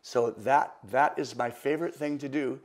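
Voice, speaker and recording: An older man, a magician, telling stories and walking through a card trick, lively and repeating words. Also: mid-range voice, moderate pace. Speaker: magician, interview guest. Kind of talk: storytelling and card demonstration.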